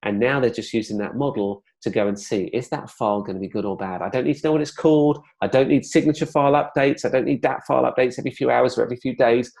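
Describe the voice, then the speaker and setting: A man giving an explanatory webinar presentation in a conversational, relaxed way, with plenty of fillers and asides. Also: mid-range voice, quick pace, vocal fry, hardly any pauses.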